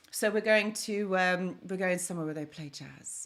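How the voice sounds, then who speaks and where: A woman's voice: medium pitch, brisk, few pauses, fairly bright tone. A young woman chatting on a live stream, thanking viewers by name as she talks. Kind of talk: casual live stream chat.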